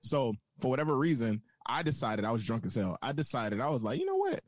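A man co-hosting a podcast, ranting and telling stories in an animated way. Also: mid-range voice, fast talker. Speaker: podcast co-host. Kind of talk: casual chat.

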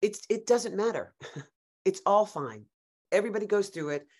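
A woman actor as a podcast guest, telling lively stories in a casual, animated way with frequent restarts. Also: medium pitch, moderate pace. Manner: animated storyteller, many restarts and laughs.

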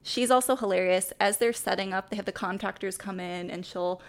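A woman co-hosting a podcast in casual chat, animated and laughing as she acts out quoted lines. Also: mid-range voice, fairly quick. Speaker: podcast co-host.

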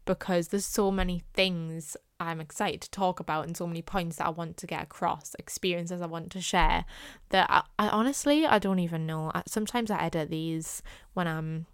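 A woman's voice: fairly low pitch, fairly even intonation, moderate pace, clean tone, no room sound, studio quality. A young woman hosting her own podcast in a casual solo talk, earnest and often repeating her points for emphasis. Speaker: podcast host.

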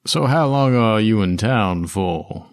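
A man's voice: lowish voice, animated, dry recording, studio quality. A man doing a drawling cowboy businessman. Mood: easygoing. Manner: slow, drawling, folksy. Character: slow-striding cowboy-hatted man, smooth talker.

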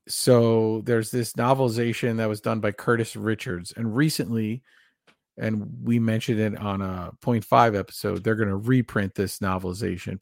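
A man with a lowish, gravelly voice co-hosts a casual horror film podcast, enthusiastically rambling through trivia and reading passages aloud. The studio sound is clean, with no echo.

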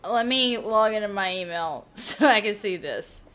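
A woman co-hosting a podcast, teasing the others with quick comebacks and frequent laughter. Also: medium pitch, expressive, a bit bright. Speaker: podcast co-host. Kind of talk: casual chat.

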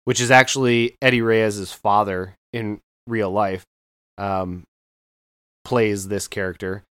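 A man's voice: lowish voice, steady tone, slow, a bit bright, smooth, no echo, clean studio sound. A man in his thirties co-hosting a podcast, retelling a movie with enthusiasm and rambling through plenty of filler words. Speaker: podcast co-host. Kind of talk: casual podcast chat.

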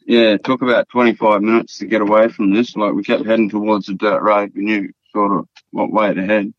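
A man's voice: lowish voice, little pitch movement, a little fast, no room sound. An Australian man from the Northern Territory, telling a story as a podcast guest in a casual, rambling way full of fillers and swearing. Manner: rambling, profane, repeats words and fillers. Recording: dull, dry lo-fi podcast audio.

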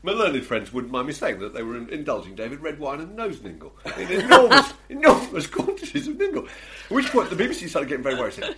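A man's voice: medium pitch, very animated, quick pace, a bit bright, a little hiss or hum. A man who broadcasts for a living tells a comic anecdote on a chat show. He laughs often and acts out the lines of the people in his story.

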